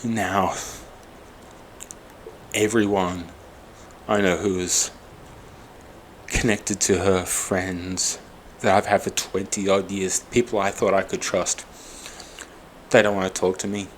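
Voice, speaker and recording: A man in his forties with a somewhat low voice delivers a raw personal monologue to camera. He sounds upset and worn out, bitter and angry, swearing often. Faint noise sits behind him. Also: flat delivery, takes it slowly, long pauses. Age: 40s. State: upset and exhausted. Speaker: vlogger.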